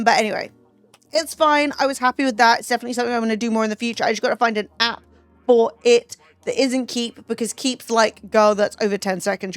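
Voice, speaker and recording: A woman's voice: fairly high pitch, dry recording. Chatty young Southern English woman. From England. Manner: chatty and rambling, lots of "like" and swearing. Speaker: streamer. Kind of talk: casual chat. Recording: dry close mic, faint music.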